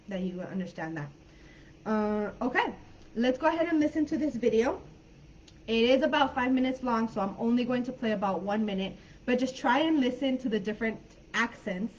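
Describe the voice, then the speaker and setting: A woman's voice: on the high side, highs cut off, a little hiss or hum. A woman with an American accent teaching an English class online, explaining patiently with lots of fillers.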